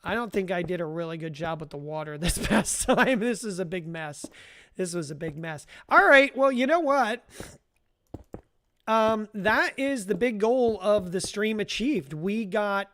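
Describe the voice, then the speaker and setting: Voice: mid-range voice, lively intonation, a little slow, fairly bright tone. A livestreamer giving casual live gameplay commentary, chatty and rambling, talking to chat viewers by name and often laughing. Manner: rambling with frequent restarts and self-amused laughs.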